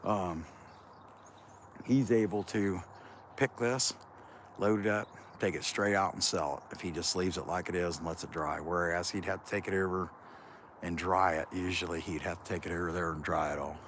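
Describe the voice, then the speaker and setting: A man with a lazy Kentucky drawl rambles through a casual live chat, his voice sitting a bit low. He is out in open farm fields, with faint outdoor noise behind him. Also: steady tone, moderate pace, fairly bright tone. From Central Ohio. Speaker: livestream host.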